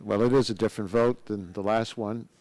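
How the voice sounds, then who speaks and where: Committee chairman, male, halting and good-humored, procedural delivery. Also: on the low side, fairly even intonation, darkish tone, no echo, poor audio. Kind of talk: chairing a formal hearing.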